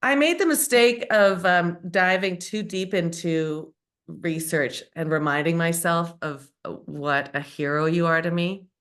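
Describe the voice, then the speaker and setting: A woman's voice: on the low side, a little slow, fairly bright tone, no room sound, soft background music. A woman hosting a podcast, talking in an effusive, gushing and emotional way. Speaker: podcast host. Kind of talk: podcast intro and interview.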